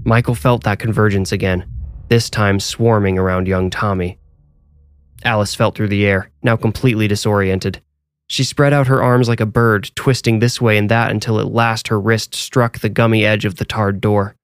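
A man reading a scripted horror story in a measured, suspenseful way. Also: lowish voice, steady tone, no room sound, studio quality. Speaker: narrator and author.

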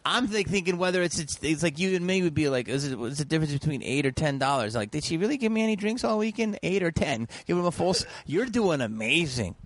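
Teasing, tipsy man with a slightly high voice. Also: fast talker, hardly any pauses, dry recording. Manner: teasing, excitable, a little tipsy. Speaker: podcast guest. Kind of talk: casual chat.

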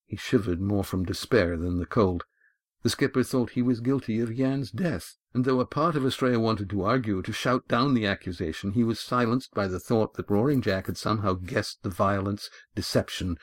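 A man with a low voice reads an audiobook chapter in a measured, even manner. The sound is close and very dry, with no room heard around him, and he is on a studio mic. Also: no room sound. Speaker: narrator. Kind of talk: audiobook narration.

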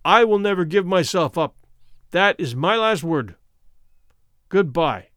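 Proud outlaw chief, defiant and firm, voiced with a lively, slightly high pitch by a male reader. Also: measured pace, dry recording, clean studio sound.

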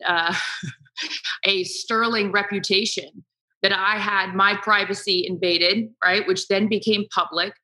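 A woman's voice: mid-range voice, fairly even intonation, slow pace, bright, forceful tone, rough recording. A woman guest in an interview, speaking candidly and with self-deprecating humor, emotional at times. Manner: emotional, self-deprecating, talks through tears. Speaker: guest, sports broadcaster.

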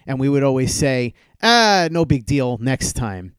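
A man hosting a podcast, telling a fond story about a late friend and acting out their back-and-forth in lively quoted dialogue. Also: mid-range voice, a little slow, smooth, no room sound. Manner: animated storyteller who acts out quoted dialogue. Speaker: podcast host. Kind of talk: casual storytelling tribute.

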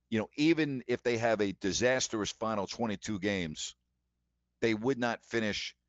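A man's voice: fairly low pitch, no room sound, dull audio. A man hosting a sports talk show, giving emphatic, indignant commentary and repeating his points.

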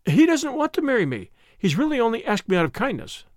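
A man voicing a lively young woman who is playful and teasing, in a bright, coaxing manner. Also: very high-pitched, fast talker, dry recording, clean studio sound, voice pushed up, exaggerated voice. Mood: chirpy.

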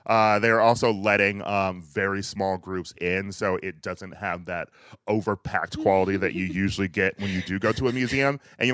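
A man hosting a casual podcast chat, talking in a chatty way with frequent laughs and lively asides. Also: lowish voice, normal speed, clean tone, no echo. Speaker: podcast host.

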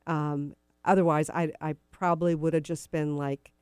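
A woman's voice: deep voice, flat delivery, normal speed, a little mellow, smooth, no room sound, clean studio sound. A middle-aged woman hosting a radio talk show, telling personal stories in a chatty, meandering way with many fillers. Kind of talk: casual storytelling on talk radio.

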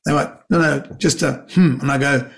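A man from Britain, a comedian guest telling lively anecdotes in casual chat, acting out quotes and stumbling over restarts. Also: medium pitch, moderate pace, gravelly. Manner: animated anecdotes with acted-out quotes and stammered restarts.

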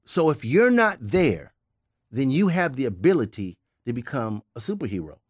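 A man's voice: medium pitch, big pitch swings, normal speed, no echo, studio quality. An older man on a podcast giving blunt, emphatic tough-love advice in casual chat. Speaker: podcast regular, host's father.

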